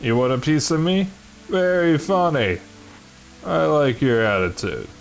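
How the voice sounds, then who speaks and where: A man's voice: a little high, expressive, a little slow, vocal fry, faint music behind. A man voicing an arrogant, menacing male sorcerer king from a video game, taunting a child.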